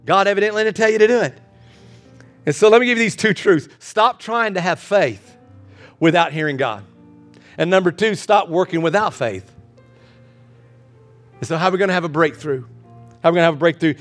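A man preaching a sermon as pastor, building with repeated phrases and ending soft in prayer. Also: fairly high pitch.

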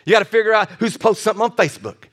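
High, bright-voiced male pastor preaching. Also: rapid-fire. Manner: animated, repetitive, jokey asides and restarts. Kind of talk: sermon.

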